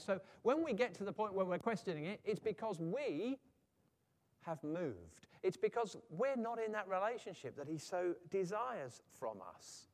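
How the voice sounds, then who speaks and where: A man preaching a sermon in a lively way, sometimes acting out quoted voices. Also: high voice, big-room sound. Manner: animated, acts out quoted voices.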